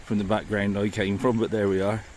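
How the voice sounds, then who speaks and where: The man's fairly low voice stays fairly level in pitch and moves at a fairly quick pace; it's slightly mellow, with a little hiss or hum present. As a walking vlogger beside a river and woodland path, he narrates local history with eager wonder.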